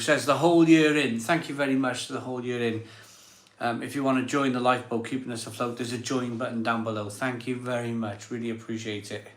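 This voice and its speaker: A man thanks his viewers on a live stream, his voice sitting at an ordinary middle pitch. He is emotional and keeps repeating himself as he catches his breath. The sound carries a clear room echo. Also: fairly even intonation, a little fast. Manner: effusive, repeats words of thanks over and over. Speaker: live stream host reading viewer messages. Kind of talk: casual live stream chat. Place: home room set up as a virtual pub. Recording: echoey room.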